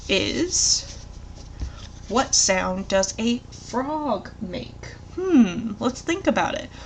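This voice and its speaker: A woman tutor explaining a literacy lesson in an encouraging way, asking leading questions and modeling words slowly. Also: medium pitch, slight background noise. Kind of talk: instructional tutorial.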